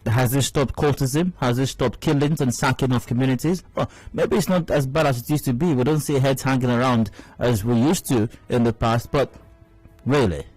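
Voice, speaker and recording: A man's voice: mid-range voice, normal speed, a little mellow, dry recording, poor audio. Nigerian male radio host, emphatic and outraged, dry booth, light music bed. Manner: indignant, emphatic, repeats phrases for stress. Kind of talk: opinionated radio commentary. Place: radio studio. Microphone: studio mic.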